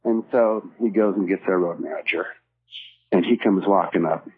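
A man casually telling a story, breaking into lively impressions of the people in it. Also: sits low, moderate pace, breathy edge, narrow, tinny audio. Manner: animated, acts out the cop's lines.

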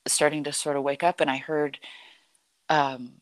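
A middle-aged woman telling a personal story in a conversation, animated and full of "like" and "you know". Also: low voice, moderate pace, no echo. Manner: animated, acts out quoted dialogue, frequent "like" and "you know".

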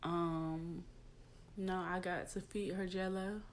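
A woman's voice: fairly low pitch, steady tone, slow pace, slight background noise. A young adult woman hosting a personal podcast, talking in a confiding, emotional way with many fillers. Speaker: podcast host. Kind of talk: casual personal podcast talk.

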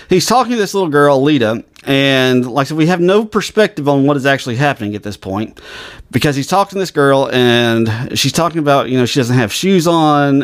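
A man with a mild Southern US accent, co-hosting a podcast in casual chat, talking fast and rambling with restarts. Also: medium pitch. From Southern United States. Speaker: podcast co-host.

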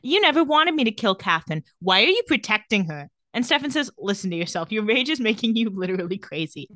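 A young adult woman co-hosts a casual podcast, recapping a TV episode by retelling scenes and acting out the characters' lines in playful voices. Her medium-pitched voice is sing-song, quick, pushed and bright, recorded with clean studio sound and no room sound.

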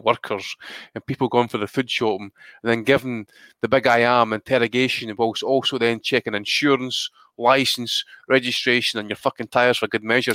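A man's voice: mid-range voice, a bit bright, dry recording. Profane Scottish man telling rambling stories. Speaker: podcast co-host. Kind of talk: casual chat.

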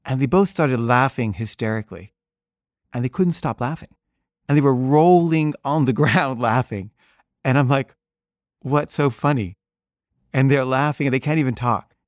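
A man recounts a family story in a loose, rambling way, leaning on fillers as he goes. His voice sits at an ordinary middle pitch. The recording is dry and close, with no room sound. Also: normal speed, no echo. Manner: rambling, filler-heavy, wry. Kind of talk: casual personal storytelling.

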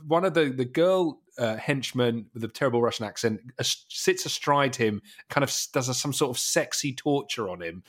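A man's voice: medium pitch, expressive, normal speed, few pauses, a bit bright. A man co-hosting a podcast, recounting film scenes in casual chat and laughing often. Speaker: podcast co-host.

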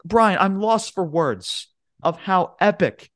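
Male podcast co-host, hyped rambling recapper, swears a lot, slightly high voice. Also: takes it slowly, no room sound, clean studio sound. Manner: excitable, swears often, says "bro" and "man"; rambling play-by-play retelling. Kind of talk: casual chat.

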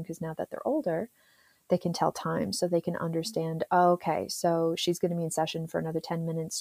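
A woman's voice: deep voice, creaky, darkish tone, no room sound. Chatty, dry-sounding woman who laughs often. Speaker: therapist, podcast guest. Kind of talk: casual interview chat.

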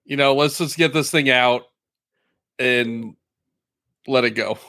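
A man co-hosting a casual games chat, matter-of-fact and quick to correct the others. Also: mid-range voice, pushed and bright. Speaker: podcast co-host.

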